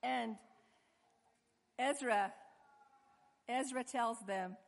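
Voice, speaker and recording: A woman preaching a sermon in an animated way, acting out the voices of the people in her story. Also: on the high side, drawn-out words, vocal fry. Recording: long hall reverb.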